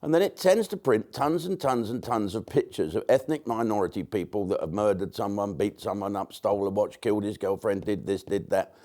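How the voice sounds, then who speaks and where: A man's voice: fairly low pitch, a little fast, hardly any pauses, dark tone. An older English man, a comedian, delivering a blunt, rambling monologue to camera with frequent swearing and restarts. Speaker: comedian commentator.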